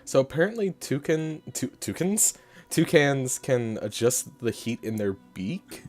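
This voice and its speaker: A man playing a tabletop game over a voice call, his pitch sitting at an ordinary middle height. He talks loosely, cracks jokes and swears without thinking about it. Faint music plays under the call. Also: big pitch swings, unhurried, darkish tone. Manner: joking, swears casually, laughs often. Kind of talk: casual chat over voice call.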